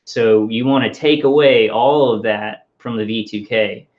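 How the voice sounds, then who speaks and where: A man talking casually to his viewers in a rambling, halting way, full of restarts and fillers. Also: medium pitch, muffled recording. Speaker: vlogger.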